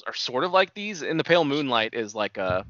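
A man's voice: mid-range voice, big pitch swings, a little fast, a bit bright, dry recording, lo-fi sound. A man in casual chat, explaining a TV series' background with hedging asides. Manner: knowledgeable fan, explains lore with hedging asides.

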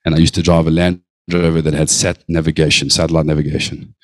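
A pastor preaching a sermon, slowing down to stress lines and then speeding up in bursts. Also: male voice, a bass voice, level tone, dry recording, low-quality recording. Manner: preaching with slow drawn-out emphasis and sudden bursts of speed.

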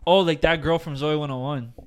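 A man's voice: a little high, steady tone, brisk, clean tone. A man from Uruguay co-hosting a podcast, joking, teasing and getting defensive in casual banter. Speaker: podcast co-host.

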